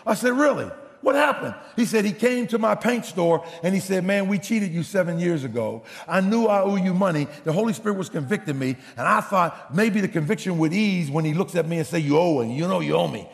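A man preaching a sermon as a pastor, telling a story in an animated way and acting out the people he quotes. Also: high voice, fairly quick, creaky, hardly any pauses. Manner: animated, acts out quotes, laughs. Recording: long hall reverb.

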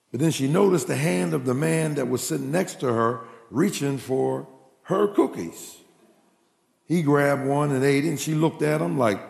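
Gravelly preacher man in an echoey hall. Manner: folksy, animated, jumps into high voices for quoted characters. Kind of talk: humorous sermon storytelling.

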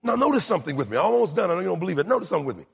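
A man preaching a sermon as pastor, moving between shouted lines and low, quiet asides. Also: very animated, racing, gravelly, slightly rough. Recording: long hall reverb.

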